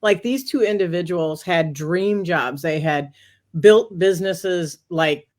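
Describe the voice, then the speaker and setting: Animated woman telling a story. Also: lowish voice, slow pace. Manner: animated, talks through quoted inner dialogue. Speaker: guest. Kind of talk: casual interview storytelling.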